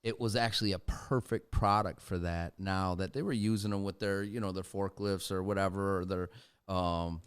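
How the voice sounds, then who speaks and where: A man hosting a casual podcast, his voice low and smooth. He jokes easily with his guests and keeps the talk moving. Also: fairly even intonation, moderate pace. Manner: joking, easygoing. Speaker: podcast host.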